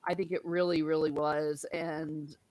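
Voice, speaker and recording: A woman hosting a casual book discussion, chatty and animated, laughing often and swearing casually. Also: low-pitched, a little slow, no echo. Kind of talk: casual chat.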